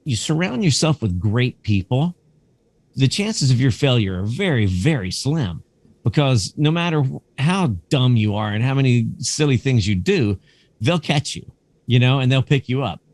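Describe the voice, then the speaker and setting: A man in his fifties, a cinematographer and museum curator, chatting as a podcast guest and telling animated stories. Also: medium pitch, normal speed, no room sound. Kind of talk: casual anecdotal storytelling.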